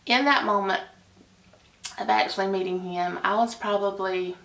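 A woman's voice: mid-range voice, fairly even intonation, normal speed, gravelly, fairly bright tone. A woman telling a story in a chatty, gushing way. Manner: chatty and gushing, with sighs and laughs. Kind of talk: casual storytime. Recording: echoey room.

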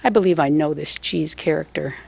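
An older woman reading her own prose poem aloud at a public poetry reading, in a slow, measured and tender way. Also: low voice, vocal fry, a little mellow, no echo. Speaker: poet.

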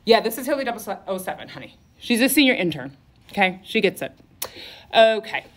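A woman's voice: medium pitch, very animated, fairly quick. Woman, boutique owner, live-sale patter, sassy, campy, in a clothing store. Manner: sassy, campy, peppers lines with "okay?" and "honey".

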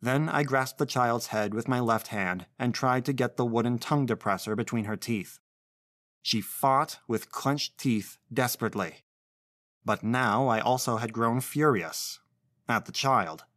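Man, narrator, literary short story, measured, intense, mid pitch, dry close mic. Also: a bit bright, dry recording.

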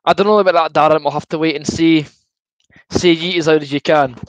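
A young Scottish man with a high voice hosts a football watchalong stream, chatting casually as he reads out viewer comments and answers them. He's good-humoured but a little queasy from gulping fizzy juice, speaking fairly quickly with fairly even intonation. The sound is dry and close with no echo, and the audio quality is poor.

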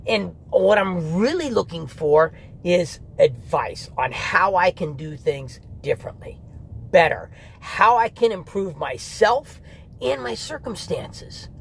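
A man's voice: high voice, expressive, slow pace, vocal fry, slight background noise. A man giving a candid, rambling spoken review of an audiobook, with restarts and mock asides.

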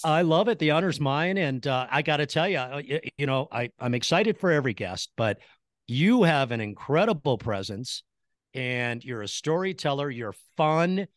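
Podcast host, man from Chicago, effusive and excitable, slightly high voice, dry close mic. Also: normal speed, dry recording. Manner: excitable, effusive, laughs often. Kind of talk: enthusiastic interview chat.

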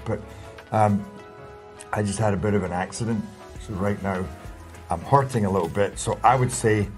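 A man's voice: on the low side, a little mellow. A Scottish man in his fifties chatting playfully with children, teasing and stammering as he answers. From Scotland. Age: 50s. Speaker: interviewee.

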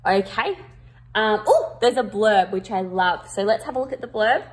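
A woman reading a picture book aloud to children, with expressive emphasis, and pausing to ask her listeners questions. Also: medium pitch. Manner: interactive, asks the listeners questions.

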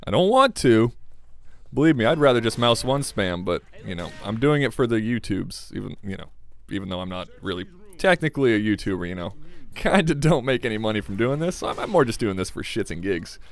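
A man's voice: lowish voice, very animated, brisk. A young man giving casual, rambling commentary over a game at his desk late at night, tired and giggly. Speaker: gaming commentator. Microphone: desk microphone.

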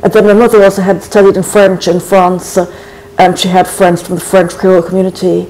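A speaker in their forties from Trinidad, answers interview questions slowly and thoughtfully. The voice stays flat and even. Its tone is soft and dark, with frequent thinking pauses. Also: medium pitch, rough recording. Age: 40s. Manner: thoughtful and measured, frequent hesitations. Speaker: guest poet. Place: college.

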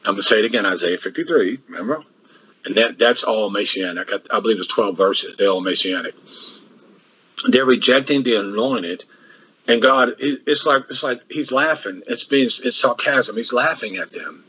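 A man's voice: fairly low pitch, moderate pace, pushed and bright, lo-fi sound, slight background noise. A man preaching a sermon that works through a Bible passage verse by verse, with frequent restarts and rhetorical questions.

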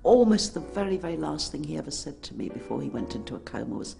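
Older lady reminiscing, fond and chatty, a bit gravelly, voice going all over the place. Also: low voice, sing-song, fast talker, over music. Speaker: interviewee, widow. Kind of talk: reminiscing interview.

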